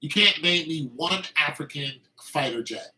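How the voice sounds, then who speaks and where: A podcast host with a fairly high, expressive voice speaks a little slowly in a sharp tone, and the recording quality is low. He delivers a casual, opinionated monologue, heated and emphatic, often restarting his sentences.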